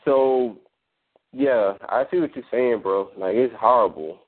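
A man's voice: mid-range voice, measured pace. A man moderating a call-in line, talking casually with lots of uh and um and restarts. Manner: rambling, full of fillers and restarts. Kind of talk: casual phone-in discussion. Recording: tinny phone line.

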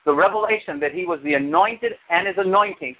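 A man preaching a sermon as pastor, animated, with sudden high exclamations. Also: fairly quick. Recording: tinny phone-like sound.

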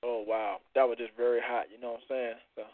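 A man's voice: medium pitch, flat delivery, fast talker, no echo. A man hosting a call-in show with casual, exclamatory, hyped banter. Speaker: host. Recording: phone line.

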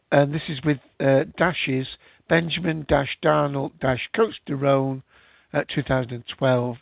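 Male host, rambling casual chat, gravelly fry, dry phone-like sound. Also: a little high, no room sound. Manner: rambling, chatty, many fillers. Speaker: podcast host. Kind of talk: casual live-show chat.

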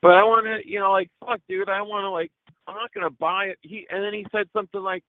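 A man's voice: sits high, steady tone, quick pace, no room sound. A young man telling a story in casual chat, profane and rambling, with lots of filler words. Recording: tinny phone-like line, dry.

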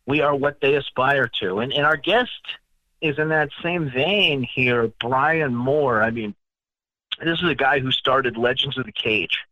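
A man's voice: mid-range voice, measured pace, dry recording, highs cut off. A man from the Northeastern United States hosting a casual chat, telling stories in a boastful, mock-arrogant way. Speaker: podcast host.

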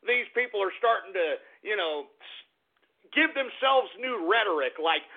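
A man with a strikingly high voice rants like a talk radio host, swearing and hurling mocking insults at his targets. His voice comes through thin and tinny, like a phone line. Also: expressive, measured pace. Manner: profane, mocking, shouting insults. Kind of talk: angry political rant.

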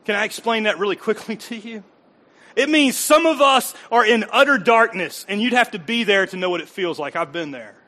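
A man's voice: sits high, fairly quick, pushed and bright. A middle-aged man preaching a sermon in a conversational way, repeating phrases and joking with the congregation. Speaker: pastor.

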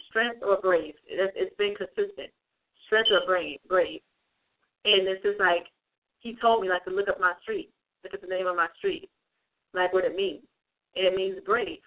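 An online religious speaker giving an informal livestream talk, rambling with many fillers and repeated phrases. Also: medium pitch. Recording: tinny phone-like sound.

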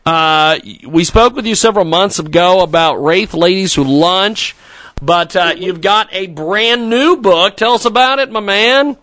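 A man's voice: sits high, measured pace, fairly bright tone, dry recording. A man hosting a casual radio talk show, rambling and joking to himself between segments.

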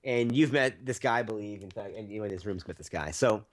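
A man's voice: lowish voice, fairly quick. A man co-hosting a movie podcast, telling stories in a rambling, profane, laughing way. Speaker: podcast co-host. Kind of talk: casual movie-review chat.

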